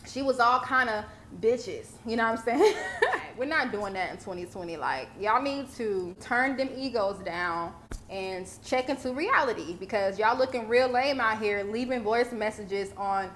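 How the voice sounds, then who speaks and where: A woman's voice: medium pitch, lively intonation, normal speed, a bit bright, a little hiss or hum. A young woman giving blunt, profane commentary in a casual, sassy way. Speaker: vlogger commentator.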